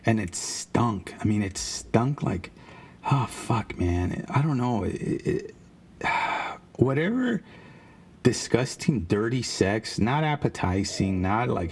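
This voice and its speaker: A man's voice: fairly low pitch, big pitch swings, slow pace, vocal fry, a little mellow, slightly rough. A man casually telling a rambling, profane story about his days as a car salesman. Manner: rambling, profane, with frequent restarts.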